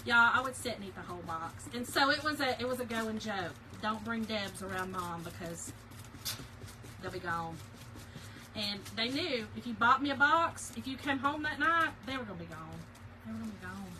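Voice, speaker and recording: A woman's voice: on the high side, moderate pace, bright, forceful tone, slight background noise, low-quality recording. A middle-aged woman, chatting casually and laughing with live viewers while she crafts. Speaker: craft livestream host.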